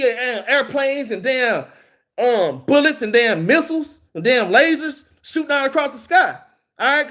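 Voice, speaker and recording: High-voiced preacher man, emphatic. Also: fairly bright tone. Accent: Southern US. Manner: casual and emphatic, peppered with "man" and "all right?". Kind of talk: street-style scripture teaching.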